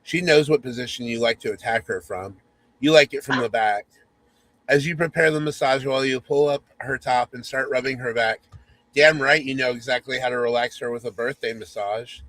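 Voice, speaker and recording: Male podcast host, comedic story reading, mock-sultry, teasing asides, mid-pitched voice. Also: normal speed, a bit bright, no room sound, poor audio.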